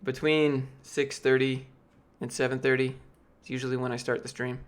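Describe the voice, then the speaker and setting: At normal speed and a medium pitch with little pitch movement, a Georgia man in his late twenties answers his live-stream chat. His voice is going, and he rambles casually, leaning on fillers and often restarting.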